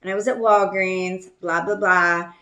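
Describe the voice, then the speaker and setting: A woman's voice: lowish voice, fairly even intonation, a little slow, fairly bright tone, echoey room, highs cut off. A woman hosting a podcast, telling a casual story in a chatty, self-deprecating way, laughing often and trailing off with ums. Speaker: podcast host.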